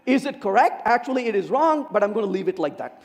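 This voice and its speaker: High, lively man in a reverberant hall. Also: quick pace. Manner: animated, theatrical, asks the audience questions. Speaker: conference speaker. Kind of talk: humorous technical keynote. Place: large conference hall.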